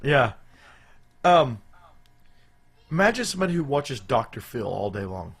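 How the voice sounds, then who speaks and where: A man's voice: medium pitch, big pitch swings, a little slow, a bit bright, breathy edge, faint music behind. A man co-hosting a live show, chatting casually in a rambling, jokey way with loose restarts. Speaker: podcast co-host.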